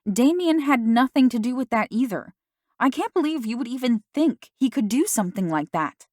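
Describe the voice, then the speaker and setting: A woman's voice: medium pitch, animated, normal speed, darkish tone, dry recording, clean studio sound, lightly acted. A woman voicing a loyal teenage girl who talks in an insistent, raised and urgent way. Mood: heated.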